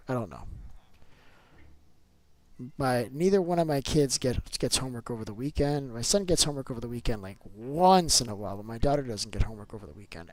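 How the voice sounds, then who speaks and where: A man talking casually over a live gameplay stream at a middling pitch. He rambles between the game and his opinions and leans on loose, chatty fillers as he goes. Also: rough recording. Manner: rambling and opinionated, often going on rants.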